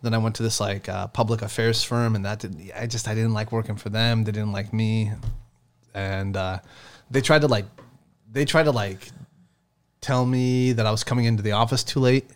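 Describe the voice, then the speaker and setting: A man's voice: lowish voice, fairly even intonation, normal speed. A man hosting a podcast, chatting casually, joking and swearing as he rambles. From Sacramento area. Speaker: podcast host.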